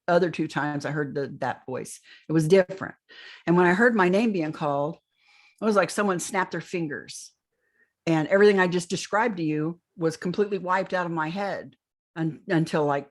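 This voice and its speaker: Speaking in a deep voice, this older woman is a guest on a podcast interview. Her lengthy, rambling account of a strange experience she had is told in the first person, with frequent restarts mid-phrase.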